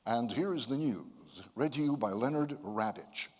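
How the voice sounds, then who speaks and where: An older man voicing a pompous, deep-voiced male broadcast announcer with an exaggerated solemn delivery. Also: animated, moderate pace, a little mellow, natural voice. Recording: long hall reverb.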